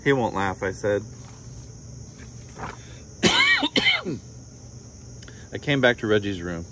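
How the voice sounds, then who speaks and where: A man reading a children's picture book aloud, gently, lifting his voice a little for the children's lines. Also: huge pitch swings, drawn-out words, a little hiss or hum. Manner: gentle storytelling, voices the children's lines slightly higher and livelier. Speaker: storybook reader.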